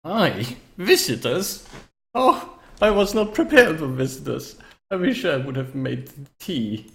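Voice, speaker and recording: A man's voice: fairly high pitch, big pitch swings, a little slow, vocal fry, pitched above the performer's own voice, full character voice. A man voicing a very old, polite male necromancer hermit who fusses over his visitors. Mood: flustered. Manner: dithering, overly courteous old gentleman.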